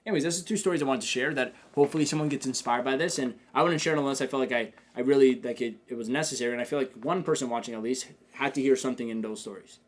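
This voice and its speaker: A man's voice: mid-range voice, very fast, hardly any pauses. A man hosting a casual talk show for entrepreneurs, speaking in an earnest, emphatic way. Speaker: host. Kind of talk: casual motivational chat.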